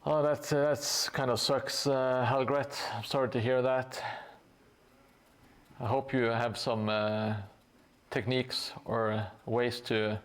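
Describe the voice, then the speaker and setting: A man's voice: medium pitch, steady tone, takes it slowly, clear, resonant tone. A tired man from Norway chatting casually with viewers on a live stream while painting, joking and hesitant with many fillers.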